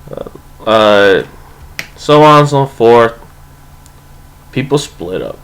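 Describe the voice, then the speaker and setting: A man's voice: mid-range voice, expressive, takes it slowly, fairly bright tone, clean tone, poor audio. A young man casually telling a rambling, profane story, full of "like" and "you know".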